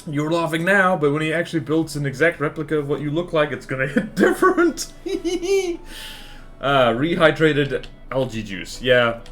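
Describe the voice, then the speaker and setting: A man's voice: on the high side, a little fast, few pauses, fairly bright tone, soft background music. A man chatting casually with his live-stream viewers while playing a game, rambling and laughing often as he answers chat.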